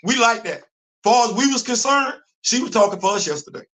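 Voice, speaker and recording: A man hosting a casual live-stream chat about comics and culture, animated and repeating phrases for emphasis. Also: very high voice, a little fast, low-quality recording.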